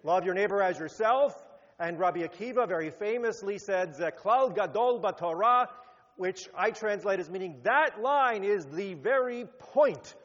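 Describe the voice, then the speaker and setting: A rabbi giving a sermon, animated, rising to emphatic peaks and then dropping low. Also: male voice, measured pace. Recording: muffled sound with long hall reverb.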